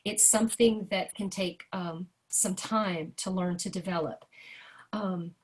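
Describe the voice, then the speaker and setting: A woman teaching a jazz singing lesson over a video call, chatty and animated, breaking into sung rhythm syllables to demonstrate. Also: on the low side, a little slow. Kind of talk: online workshop lesson.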